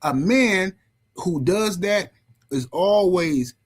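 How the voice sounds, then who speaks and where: Animated, higher-voiced male podcast host. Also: slow, slightly rough, poor audio. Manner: animated storyteller, swears freely. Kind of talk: podcast commentary.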